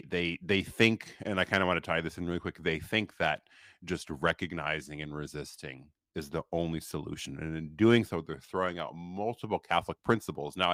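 Man, podcast co-host, emphatic, deep voice, dry recording. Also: fairly bright tone, no room sound. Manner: emphatic, reads quotes aloud and comments. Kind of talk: casual discussion podcast.

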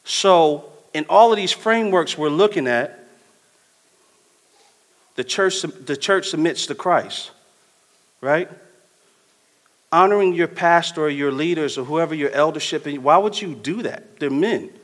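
Animated preacher man in a reverberant hall. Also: fairly high pitch, measured pace, long pauses. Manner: conversational, animated storytelling with slang. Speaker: pastor. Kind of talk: sermon.

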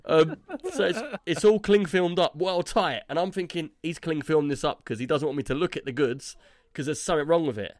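A man spins a long, rambling anecdote for his podcast co-hosts, peppering it with "yeah?" and "like". His voice sits a touch high for a man. The sound is dry and close, with no room around it. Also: a little fast, dry recording. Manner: rambling, tags lines with "yeah?" and "like". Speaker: podcast co-host. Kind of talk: casual storytelling chat.

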